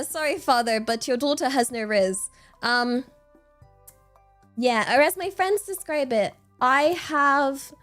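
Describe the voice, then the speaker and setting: A young woman from England, streaming casual chat and telling a rambling story full of fillers and laughs. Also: sits high.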